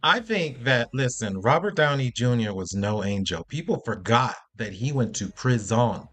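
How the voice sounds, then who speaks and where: A man's voice: mid-range voice, lively intonation, moderate pace, a bit bright. A man co-hosting a live show, chatting casually, agreeing with his partner and adding short upbeat remarks. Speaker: podcast co-host. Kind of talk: casual live-stream chat.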